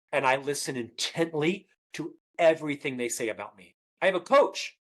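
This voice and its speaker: A middle-aged man with a lifelong stutter, a guest author in a conversational podcast interview, telling stories and acting out both sides of conversations. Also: fairly high pitch. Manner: stutterer, animated storyteller acting out dialogue.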